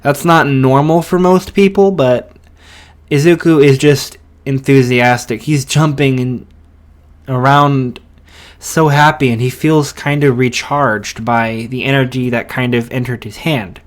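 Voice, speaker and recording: A man's voice: medium pitch, steady tone, a little slow. A man casually narrating a fan story, hesitant, with many fillers and restarts.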